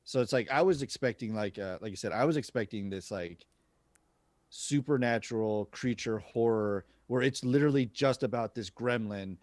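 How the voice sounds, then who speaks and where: A man's voice: mid-range voice, normal speed, a little mellow, no echo. A man co-hosting a casual movie review podcast, chatty and prone to repeating words as he starts a thought. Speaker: podcast co-host.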